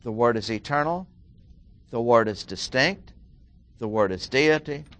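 A middle-aged man teaching through a Bible passage, deliberately repeating key phrases and stressing single words. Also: medium pitch, animated, a bit bright. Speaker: preacher.

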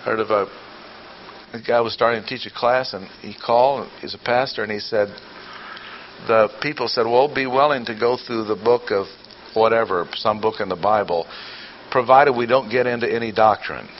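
A man's voice: fairly low pitch, moderate pace. An older man giving a teaching sermon. He fires off rhetorical questions, bursts into emphasis and drops dry, sarcastic asides. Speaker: preacher or Bible teacher. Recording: dull lo-fi audio with faint noise.

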